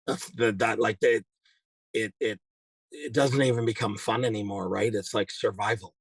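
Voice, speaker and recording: Husky man, dry easygoing chat. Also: fairly low pitch, fairly even intonation, normal speed, no room sound. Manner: easygoing, hesitant, repeats himself. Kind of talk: casual chat.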